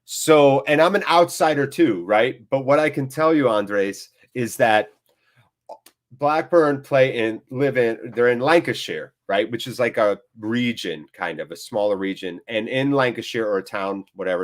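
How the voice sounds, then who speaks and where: A chatty American man with a fairly low voice hosts a live football watchalong for a fan channel. He blends play-by-play reactions with casual banter, stays playful and friendly, and answers chat viewers by name.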